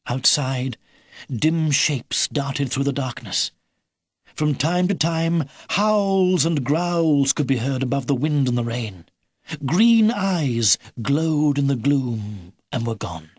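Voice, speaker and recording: A man's voice: medium pitch, animated, unhurried, breathy edge, dry recording, studio quality. A man narrating a children's audiobook, reading in a dramatic, storytelling manner. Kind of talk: scripted narration.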